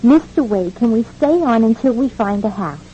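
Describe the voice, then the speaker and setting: An actress playing an earnest, doubtful young daughter in 1940s radio acting. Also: female voice, on the high side, expressive, normal speed, warm tone, lo-fi sound, a little hiss or hum, natural voice. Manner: earnest, plain questioning. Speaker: daughter of the family.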